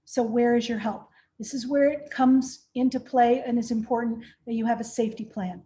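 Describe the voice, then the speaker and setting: A woman's voice: fairly high pitch, fairly even intonation, normal speed, mellow, slight background noise. A woman trainer giving a professional training lecture, conversational, often checking in with "right?". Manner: conversational, frequent "right?" tag questions.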